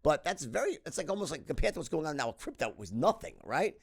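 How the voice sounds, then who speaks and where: A man's voice: on the high side, quick pace, gravelly, slightly rough. A middle-aged man as a podcast guest, telling stories animatedly with lots of swearing and restarts. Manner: animated, profane, frequent restarts and "right?". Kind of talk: casual interview storytelling.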